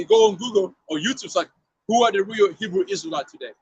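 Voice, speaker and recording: A man's voice: high voice, expressive, quick pace, slightly rough, muffled recording. A man street preaching outdoors to a passer-by, emphatic and slangy, often repeating himself and asking if you see what he means.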